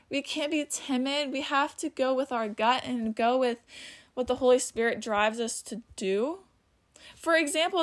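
Her voice sits on the high side with a fairly bright tone as she hosts a laid-back Bible teaching podcast. She chats loosely and leans on "like," and now and then she stutters, loses track, and restarts.

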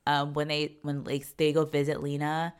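A woman co-hosting a podcast, chatting casually and laughing, slangy, putting on quick high voices for quotes, and sounding tired. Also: monotone, clear, resonant tone. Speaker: podcast co-host. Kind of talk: casual rewatch podcast chat.

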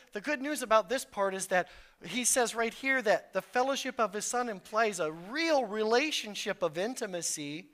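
A male pastor preaching a sermon in an earnest way, moving between loud urgent peaks and hushed, low stretches.

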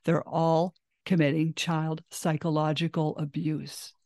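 A woman with a lowish voice backs the speaker up with firm, sure statements. The recording is dry and close. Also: level tone, unhurried, mellow, dry recording. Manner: agreeing, firm, supportive. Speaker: sympathetic listener.

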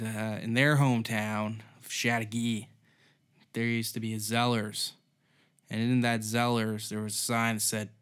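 A man's voice: mid-range voice, fairly bright tone. A man hosting a solo comedy podcast, rambling and swearing in an offhand way, often trailing off. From Canada. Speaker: podcast host.

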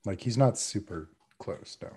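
Casting: player, man, low husky voice, dry humor. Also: lively intonation, moderate pace, mellow. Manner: wry, joking. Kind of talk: tabletop role-play.

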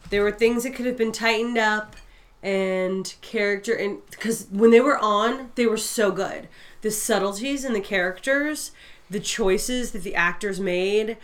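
A woman with an ordinary mid-range voice talks films in a relaxed podcast chat. She states her opinions bluntly and without hedging. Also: medium pitch, measured pace. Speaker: podcast co-host. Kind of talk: casual movie discussion.

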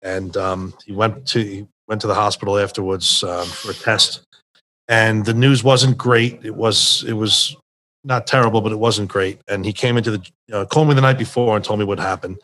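A man with a fairly low voice tells a story candidly. He is emotional and halting, breaking off and restarting his sentences. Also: steady tone, a bit bright. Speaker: guest. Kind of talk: casual storytelling.

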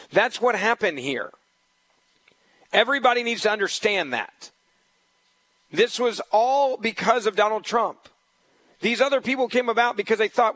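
A man's voice: high voice, fairly quick, a bit bright, dry recording, poor audio. A man hosting a political talk radio show as a fill-in, talking in an emphatic, combative way and repeating points for stress.

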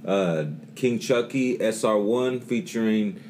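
Rambling, low-voiced male co-host. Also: slow pace, darkish tone, a little hiss or hum. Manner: rambling, many fillers and restarts. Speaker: podcast co-host. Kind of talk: casual podcast chat.

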